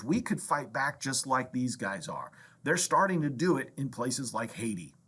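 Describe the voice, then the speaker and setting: A man lecturing on history to a college class, his voice husky and neither high nor low. He talks with animated emphasis, often checking in with "right?" and stumbling over repeated words as he builds his points. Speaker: history professor.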